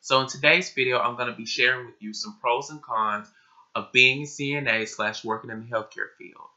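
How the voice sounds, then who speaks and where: A young man vlogging casually to camera, his voice a bit croaky from just waking up, talking emphatically with lots of "like" and casual swearing. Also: mid-range voice, fairly quick, sharp tone. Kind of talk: casual vlog talk to camera. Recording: dull lo-fi recording.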